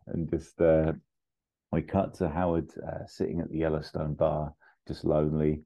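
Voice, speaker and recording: A man hosting a podcast, pitching a film sequel in a casual, rambling way with lots of fillers. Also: flat delivery, normal speed, muffled recording.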